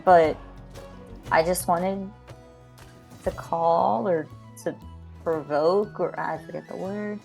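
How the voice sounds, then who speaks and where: A woman's voice: on the low side, steady tone, slow, creaky, long pauses, a little mellow, soft background music. A woman playing a tabletop game, talking in a hesitant, apologetic, giggly way. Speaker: player. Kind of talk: casual tabletop play.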